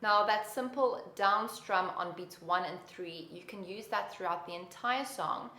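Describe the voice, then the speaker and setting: A woman's voice: mid-range voice, measured pace. A woman teaching a beginner guitar lesson with patient, encouraging instruction. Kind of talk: guitar lesson with counting and singing. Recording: roomy echo, loud guitar behind.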